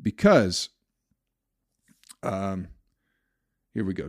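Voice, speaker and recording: A man's voice: on the low side, very animated, normal speed, dry recording, clean studio sound. A young man hosting his own comedy podcast, ranting in a profane, exasperated way as he rambles alone at the mic. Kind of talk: solo rambling podcast monologue.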